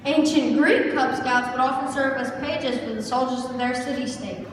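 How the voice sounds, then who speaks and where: A woman's voice: high-pitched, steady tone, moderate pace, a little hiss or hum, lightly acted. A woman playing a pompous, self-important male announcer in an amateur stage skit, speaking in a mock-authoritative tone, heard from far off in an echoey hall.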